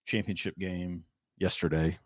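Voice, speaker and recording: Male podcast host, low voice, chatty storyteller, dry close sound. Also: unhurried, dry recording. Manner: chatty storyteller, animated retelling. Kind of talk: casual chat.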